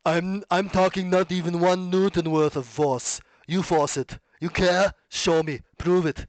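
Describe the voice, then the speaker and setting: A man putting on an impression of a tough male action hero, speaking slowly and emphatically. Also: high-pitched, steady tone, no echo. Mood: stern.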